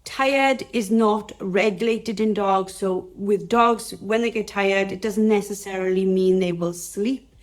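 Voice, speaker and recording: A woman's voice: mid-range voice, measured pace. A chatty Welsh woman hosts a casual live session about dogs. She rambles and talks straight to her viewers, with a mid-range voice. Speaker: dog trainer hosting a live session. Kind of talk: casual live-stream teaching talk.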